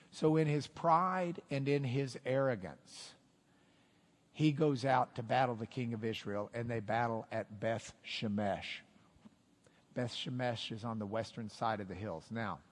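A man preaching a sermon as pastor, telling the story with lively, animated delivery and acting out the quotes. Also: mid-range voice, husky, in a large hall. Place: church sanctuary.

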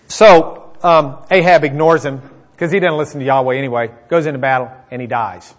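A man's voice: medium pitch, brisk. A man preaching a conversational sermon, retelling a Bible story and acting out its characters. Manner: animated storyteller, acts out characters; conversational with fillers.

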